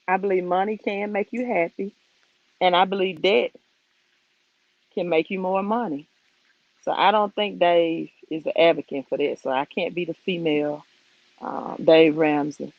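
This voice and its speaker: A woman's voice: fairly low pitch, dry recording, dull audio. A woman from Mississippi with a Mississippi Southern accent, hosting a casual finance live stream outdoors on her phone, chatty and conversational as she greets viewers.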